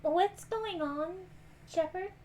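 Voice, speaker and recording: A woman playing a tabletop game, speaking in character in a quick, exasperated way. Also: very high-pitched, mellow. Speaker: player. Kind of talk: tabletop role-play, in character.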